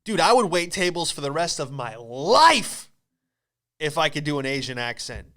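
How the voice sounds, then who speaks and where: A man hosting a comedy podcast, telling a story in an animated, profane, exclamatory way. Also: fairly high pitch, moderate pace.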